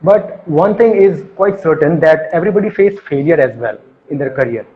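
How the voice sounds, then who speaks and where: A man hosting a live video call interview, courteous and formal, often pausing with fillers. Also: on the high side, phone-quality sound, slight background noise. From India. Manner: courteous, polite formal phrasing, hesitant with fillers. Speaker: interview host.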